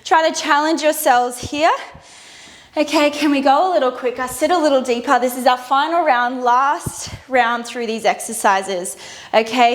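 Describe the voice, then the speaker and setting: High-voiced, breathless woman fitness coach. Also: fairly bright tone. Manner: encouraging, upbeat, coaching while exercising. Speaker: fitness instructor. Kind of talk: guided workout instruction. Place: indoor workout studio.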